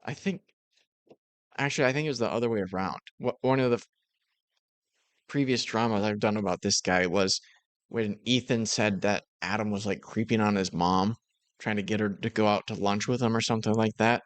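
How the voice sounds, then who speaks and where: Snarky low-voiced male commentator. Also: fairly even intonation, brisk, no room sound. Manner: snarky, mocking. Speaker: drama commentator. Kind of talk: sarcastic reaction commentary.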